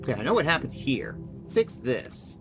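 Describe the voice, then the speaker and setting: A VTuber streamer giving live gameplay commentary, excitable and swearing while talking to themselves. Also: mid-range voice, normal speed, over music. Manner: excitable, swears, talks to self while playing.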